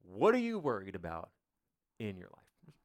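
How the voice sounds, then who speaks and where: A man's voice: fairly low pitch, wildly swooping pitch, normal speed. A male pastor preaching a sermon in a church, in a conversational, joking way full of rhetorical questions.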